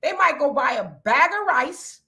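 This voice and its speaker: Raspy woman co-hosting a livestream, reads chat comments out loud and talks back, bright kinda sharp voice. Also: high-pitched, animated, unhurried. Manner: conversational, reads comments aloud and answers them. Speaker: livestream co-host. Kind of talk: casual livestream chat reading viewer comments.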